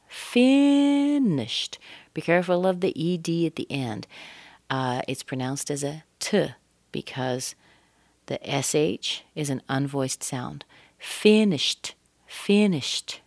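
Low-voiced middle-aged lady coaching pronunciation, slow and careful, dry close sound. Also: no room sound. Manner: models rhythm with sung-out syllables and slow, stretched words. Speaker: English pronunciation teacher. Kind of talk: accent lesson.

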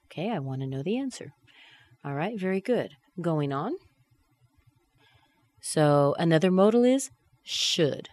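Pronunciation teacher, lesson drills, very lively pitch swings, dry close sound. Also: no room sound. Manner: deliberate, models each phrase with rising then falling intonation.

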